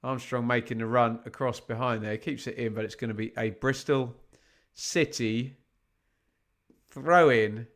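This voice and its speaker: A man's voice: medium pitch, steady tone, measured pace, a bit bright. Chatty man giving live football commentary. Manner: chatty, reads out scores, asks the chat rhetorical questions. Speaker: watch-along commentator. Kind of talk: live fan commentary and chat.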